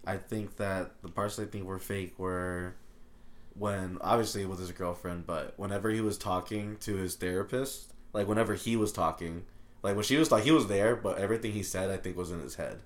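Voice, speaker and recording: A young man with a very deep voice talks in an easy, casual chat among friends. His delivery is low-key and laid-back, and he often lets remarks drop into quiet asides. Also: steady tone, normal speed.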